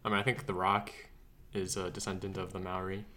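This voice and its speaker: Bright, fast-talking laid-back guy. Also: low-pitched, flat delivery. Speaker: podcast co-host. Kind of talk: casual chat.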